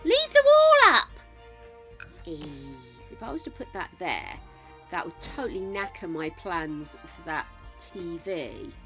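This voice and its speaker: Her voice low-pitched, expressive and a bit bright, an older woman streams a game at a measured pace over soft background music. She chats casually, lavishing viewers with names like darlings and gorgeous ones.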